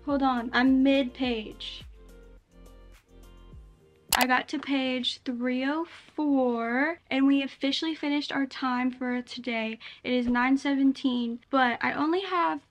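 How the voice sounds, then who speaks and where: A young woman with a bright, high voice chats casually to her camera about her reading. She rambles a little and pokes fun at herself. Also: fairly even intonation, slow, highs cut off, faint music behind. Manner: chatty, self-deprecating, rambling. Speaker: book vlogger. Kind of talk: casual vlog talk. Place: bedroom, in bed.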